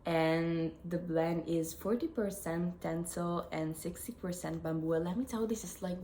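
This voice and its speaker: A woman's voice: fairly low pitch, creaky, darkish tone. A young woman with an Italian accent, chatting casually to camera as host of her knitting podcast, self-correcting and giggling as she goes. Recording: echoey room with faint noise.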